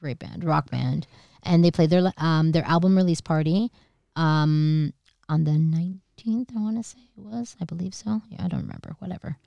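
A woman co-hosting a podcast, telling a rowdy childhood story in casual chat, animated and profane, acting out voices. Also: low-pitched, moderate pace, vocal fry, no echo, lo-fi sound. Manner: animated, acts out voices, swears freely. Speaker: podcast co-host.

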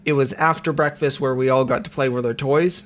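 A man's voice: mid-range voice, fairly even intonation, fairly quick, fairly bright tone. A young man hosting a podcast who rambles casually, swears freely and fills his talk with ums. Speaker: podcast host.

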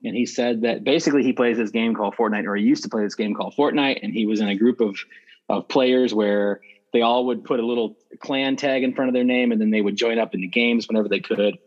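A man speaking as a podcast guest, telling stories in a blunt, profane, animated way. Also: mid-range voice, fast, muffled recording. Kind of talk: casual conversational interview.

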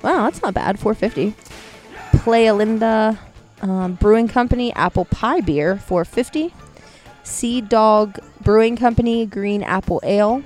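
A woman's voice: medium pitch, expressive, normal speed, darkish tone. Woman, casual co-host, reads item names carefully, outdoors, faint music behind. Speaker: podcast co-host. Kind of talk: casual chat reading a menu. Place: outdoors at home.

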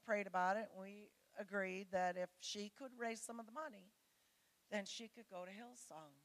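A middle-aged woman gives a conversational sermon to her church, speaking as a pastor's wife. Her voice sits in a middle pitch, and her manner is chatty and candid as she shares family stories with the congregation.

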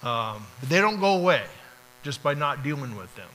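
A man's voice: on the high side, sing-song, moderate pace, sharp tone, slight background noise, poor audio. A man preaching a sermon, talking casually and acting out short prayers and dialogues. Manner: conversational, acts out little prayers and dialogues. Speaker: pastor.

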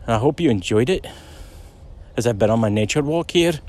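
A man's voice: medium pitch, animated, a little fast, a little mellow, a little hiss or hum. A middle-aged man telling a story in a rambling, chatty way while out on a walk outdoors. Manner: rambling, chatty, many "you know"s. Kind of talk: casual spoken storytelling.

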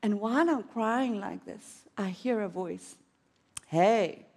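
A woman's voice: medium pitch, a little slow, gravelly, darkish tone. A woman preaching a sermon in an auditorium, telling a personal story with dramatic swings of emotion.

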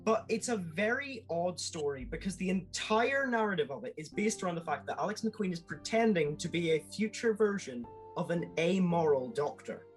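A man talking enthusiastically as a podcast guest, with quick asides and laughs. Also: sits high, lively intonation, faint music behind, poor audio. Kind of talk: casual podcast chat.

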